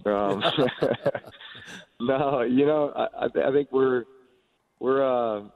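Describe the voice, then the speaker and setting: A man's voice: medium pitch, takes it slowly, no room sound. A middle-aged man, a quarterback guest, chatting on a radio show with many restarts and fillers. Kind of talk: casual radio phone interview. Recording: dry tinny phone line.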